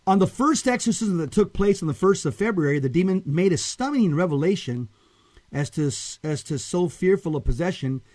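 A man's voice: sits high, expressive, brisk, a little mellow. A man co-hosting a talk show, reading a story aloud and adding casual commentary between passages. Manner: reads aloud with dramatic emphasis on quoted lines. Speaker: co-host.

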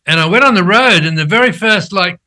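An older man and company founder, telling his story in an animated, conversational way, checking in with "right?" as he goes. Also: sits high, a little fast. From Australia. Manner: animated storyteller who acts out quoted dialogue, frequent "right?" tags.

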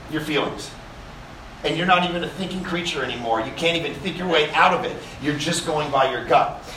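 A man preaching a sermon at a camp meeting, with a lively, conversational delivery full of rhetorical questions. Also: sits high, distant mic, a little hiss or hum. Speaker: pastor. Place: summer camp meeting hall. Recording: echoey room, speaker off-mic.

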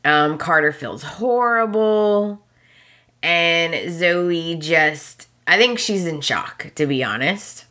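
Low, bright-voiced woman recapping a soap. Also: lively intonation, slow. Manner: chatty storytelling with quoted dialogue and chuckles. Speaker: podcast host. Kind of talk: casual soap opera recap.

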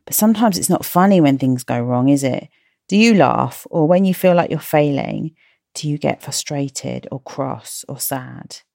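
A woman hosting a podcast for children, chatty and gently self-mocking as she encourages her listeners. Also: low voice, gravelly, dry recording, studio quality. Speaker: podcast host and coach for children. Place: at home, in slippers.

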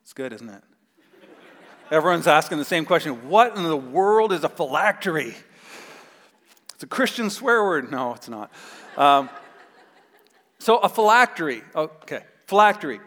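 Man preaching, lively storytelling, fairly high voice, long church reverb. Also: moderate pace, long pauses. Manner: animated storytelling, acts out quotes with a raised voice. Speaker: pastor. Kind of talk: sermon. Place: church sanctuary.

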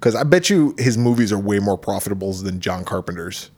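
A man's voice: fairly low pitch, animated, brisk, a little mellow. A man in his forties co-hosting a casual movie review podcast, reading out cast lists, swearing freely and laughing with his co-host. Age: 40s.

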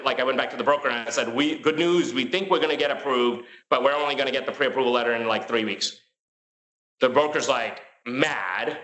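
A man telling his story as a guest in a casual interview. He talks in a rapid, filler-heavy way and acts out the dialogue he quotes. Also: a little high, pushed and bright, roomy sound, rough recording.

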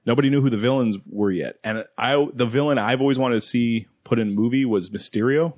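A man's voice: medium pitch, brisk, a little mellow. Rambling casual man chatting about movies. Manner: rambling, laughs often, acts out quoted lines. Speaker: podcast co-host.

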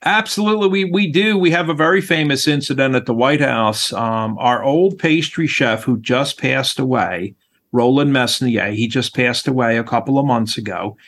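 A middle-aged man, a former chef and interview guest, telling stories in an animated way and acting out voices. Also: medium pitch, normal speed. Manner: animated storyteller, acts out voices. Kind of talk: storytelling interview chat.

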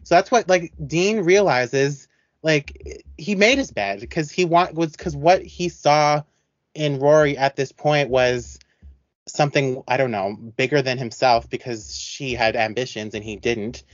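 A man co-hosting a podcast in casual chat, talking in an animated, rambling way with many restarts. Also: mid-range voice, a little slow, dry recording, dull audio. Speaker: podcast co-host.

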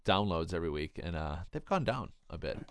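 Deadpan man talking games on a podcast. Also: low-pitched, brisk, clean tone, no room sound. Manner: blunt, deadpan. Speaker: podcast co-host. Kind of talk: casual chat.

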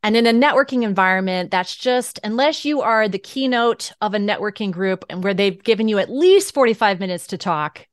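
A lively woman answering interview questions as a voice and speaking coach. She laughs easily and explains things in a clear coaching tone. Her voice is mid-pitched and recorded close and dry, with no room sound. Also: brisk, few pauses, dry recording. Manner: animated, laughs often, coaching tone.

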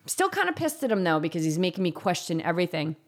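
A woman's voice: fairly low pitch, sing-song, fast talker. A woman telling a painful personal story in an intense, confessional way, saying "like" often. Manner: intense, confessional, heavy use of "like".

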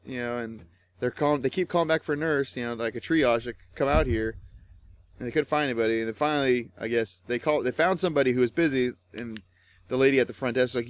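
A man's voice: mid-range voice, quick pace, dry recording. Foul-mouthed man telling a rant story. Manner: swears constantly, shouts out quoted rants. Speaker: podcast co-host. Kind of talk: casual chat, profane storytelling.

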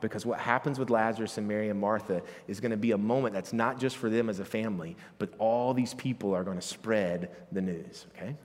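A man with a fairly low voice preaches a sermon, talking through scripture casually and then pressing his points with force. His voice carries a long reverb from a large hall. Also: a little fast, hardly any pauses. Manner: conversational Bible teaching, building to loud emphatic preaching. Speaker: pastor.

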